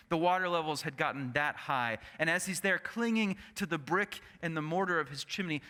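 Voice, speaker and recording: A male pastor preaching a sermon in an animated storytelling manner, often turning to the congregation with asides. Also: on the high side. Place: church sanctuary. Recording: echoey church sanctuary.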